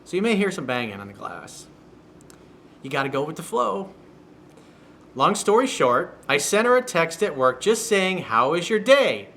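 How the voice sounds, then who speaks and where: A man's voice: fairly high pitch, very animated, normal speed, a bit bright. A man giving dating advice as a coach, reading out a viewer's email and answering it in a blunt, profane, sarcastic way. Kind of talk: solo video newsletter commentary. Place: home room with workers outside the window.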